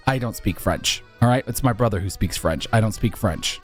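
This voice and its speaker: A man giving casual, jokey commentary while building in a video game, his voice jumping up high when he exclaims. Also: expressive, a little fast, few pauses, husky, soft background music. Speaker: Minecraft YouTuber.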